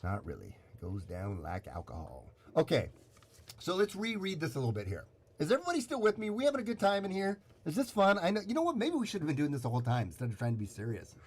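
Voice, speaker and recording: A man's voice: high-pitched, huge pitch swings, very fast, slightly rough. An American man hosting a livestream in casual chat, joking and playful as he sips a drink. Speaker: livestream host.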